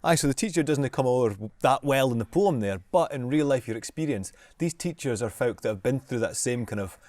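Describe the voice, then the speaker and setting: Scottish man, interviewer, average pitch, dry close sound, enthusiastic follow-up questions. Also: lively intonation, brisk, darkish tone, dry recording. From Scotland. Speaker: broadcaster and interviewer. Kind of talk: conversational interview.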